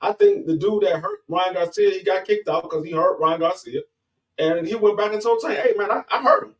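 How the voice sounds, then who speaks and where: Man in casual boxing talk, halting, restarts a lot, climbs high when arguing, a bit far from the mic. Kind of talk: casual sports chat.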